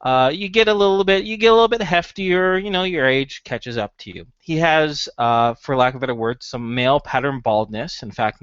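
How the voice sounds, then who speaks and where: A man's voice: mid-range voice, a bit bright, clear, resonant tone, dry recording, lo-fi sound. A young man narrating as game master, describing scenes with frequent fillers.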